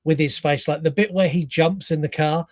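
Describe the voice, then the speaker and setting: Animated man with a higher voice, dry mic. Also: moderate pace, no room sound. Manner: animated storyteller, acts out reactions. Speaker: podcast co-host. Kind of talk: casual film chat.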